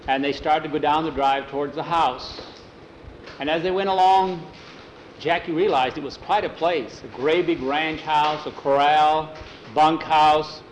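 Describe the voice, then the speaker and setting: A man spinning a western yarn aloud in a folksy, unhurried manner, peppering it with "he says." His voice sits a touch high for a man. A faint hiss of noise runs underneath. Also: steady tone, low-quality recording. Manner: folksy, repeating "he says" between lines. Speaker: storyteller. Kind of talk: oral storytelling.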